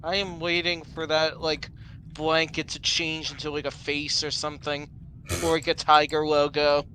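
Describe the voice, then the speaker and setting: A man chatting casually alongside a game session, guessing out loud with lots of "like". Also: a little high, completely flat delivery, normal speed, slight background noise. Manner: casual, speculating, filler-heavy. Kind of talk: casual chat.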